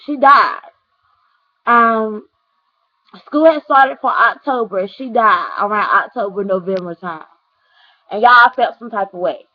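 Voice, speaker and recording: A woman's voice: a little high, lo-fi sound. A young woman talking to her camera at home in a casual, earnest vlog, near tears, calling her viewers "y'all". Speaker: vlogger.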